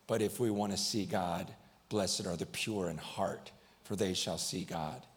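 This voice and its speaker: A man's voice: low-pitched, unhurried. A man preaching a sermon at a live event, telling a story in a conversational way and acting out what others said.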